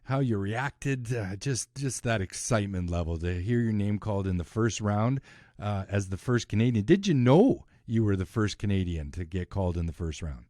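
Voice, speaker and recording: Low-voiced male podcast host. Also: lively intonation, normal speed, dark tone, no echo, clean studio sound. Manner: asks long, winding questions with fillers. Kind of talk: interview questions.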